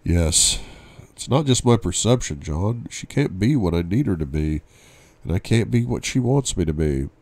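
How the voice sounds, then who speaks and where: A tormented, brooding young man with a short temper and clipped replies, read by a man. The voice is low and mellow, set close and dry. It is an audiobook reading. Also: lively intonation, moderate pace, no room sound.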